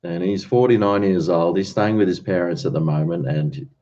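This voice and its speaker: A man's voice: low-pitched, moderate pace, dark tone, muffled recording, a little hiss or hum. A man hosting a casual livestream, chatting and rambling while he answers viewers' comments. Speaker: livestream host.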